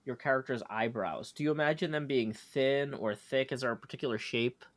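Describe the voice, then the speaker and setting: A man's voice: mid-range voice, brisk. A man co-hosting a live stream, chatting casually while he draws, playfully reading out viewer names and joking about them. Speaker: stream co-host. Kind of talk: casual chat while drawing.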